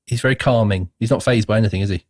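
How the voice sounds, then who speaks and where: A man co-hosting a casual film review podcast, an animated storyteller who acts out scenes with sudden squeaky voices. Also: very fast, no echo, studio quality. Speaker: podcast co-host.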